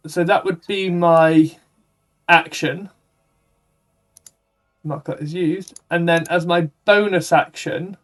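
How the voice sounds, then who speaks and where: A man playing a tabletop game, thinking aloud deliberately with pauses. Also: sits high, a bit bright. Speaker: player. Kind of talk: casual tabletop game play.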